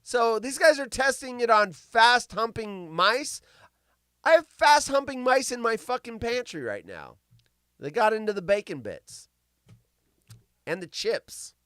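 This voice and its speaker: Male live-show host; clear, smooth voice swinging wide in pitch, crude self-mocking humor. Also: very animated, a little slow, fairly bright tone, no echo, studio quality. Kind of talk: live comedic news chat.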